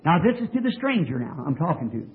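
In a church tabernacle, a man delivers a sermon, questioning the congregation and driving his points home with emphasis. His voice is fairly high, swings widely in pitch, and moves fast. The recording is a tinny, lo-fi old tape.

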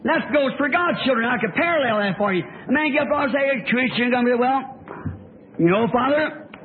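A man preaching a folksy sermon, dropping to soft asides and rising to shouted cries. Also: very high-pitched, fast. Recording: tinny old lo-fi tape with faint hiss.

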